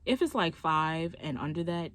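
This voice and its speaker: A woman's voice: low voice, moderate pace. Chatty young woman telling a story. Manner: animated, chatty storytelling with lots of "like". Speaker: vlogger. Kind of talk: casual storytime.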